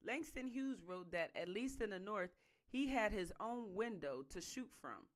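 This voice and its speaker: A reader working through a book chapter in a steady, even voice, then breaking off into fired-up, slangy remarks. The commentary is loud and emphatic, while the reading stays calm. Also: medium pitch, unhurried. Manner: casual slangy speech in the asides.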